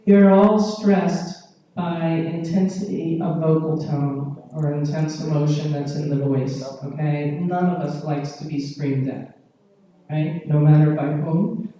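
A woman's voice: deep voice, warm tone. A woman giving a conference lecture, explaining patiently and often checking in with the audience by asking "okay?". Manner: explains patiently with pauses and fillers. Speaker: conference speaker. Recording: echoey hall, distant mic.

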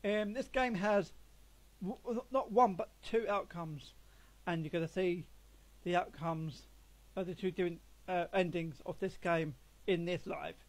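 A man's voice: high voice, measured pace. A man hosting a gaming channel, opening a livestream with an upbeat, announcing manner. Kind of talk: casual livestream intro.

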